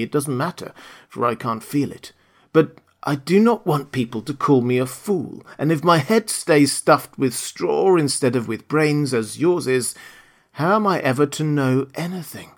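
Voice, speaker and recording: A man voicing a friendly, simple-hearted male scarecrow in a husky voice, reading a storybook aloud. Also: mid-range voice, lightly acted.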